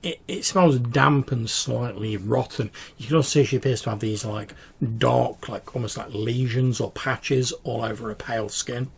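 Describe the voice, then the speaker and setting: A man's voice: medium pitch, moderate pace, vocal fry, hardly any pauses, a little hiss or hum. A man narrating a tabletop game as game master, describing scenes with frequent fillers. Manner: descriptive, with many fillers and restarts.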